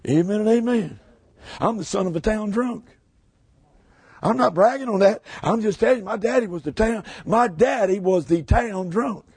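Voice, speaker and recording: A man preaching a shouting revival sermon, hollering high, then dropping low. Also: moderate pace, slightly rough, no echo. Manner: hollers with rising pitch, then drops low. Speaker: pastor.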